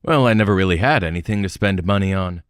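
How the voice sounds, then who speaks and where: Narrator as easygoing young midwest guy, casual and eager, low voice. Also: quick pace, no echo, studio quality, close to an everyday voice. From American Midwest. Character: hungry casual young American man.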